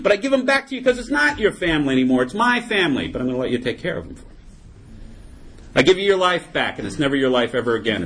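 A man's voice: a little high, a bit bright, husky, pitched above the performer's own voice, exaggerated voice. A man playing a shrewd, teasing God. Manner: matter-of-fact, teasing. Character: male God, shrewd and firm, then generous.

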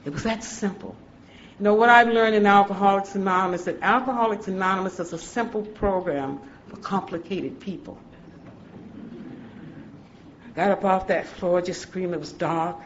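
Woman sharing her own story at a recovery talk; halting and heartfelt, on a muffled recording with a light hiss. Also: medium pitch. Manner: halting, heartfelt storytelling with restarts and soft laughs. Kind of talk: personal testimony talk. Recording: dull lo-fi recording with faint hiss.

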